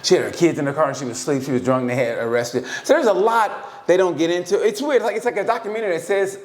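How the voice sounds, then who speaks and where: A man co-hosting a podcast in casual banter, laughing a lot and jumping into high voices to act out stories. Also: fast. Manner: animated, laughing, restarts, acts out quotes in a high voice. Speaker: podcast co-host.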